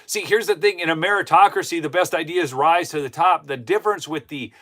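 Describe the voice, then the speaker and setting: A man's voice: on the high side, fairly quick, pushed and bright. A man from Minnesota, hosting an opinionated solo commentary show and talking heatedly and indignantly straight to his viewers. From Minnesota, USA. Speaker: political commentary show host.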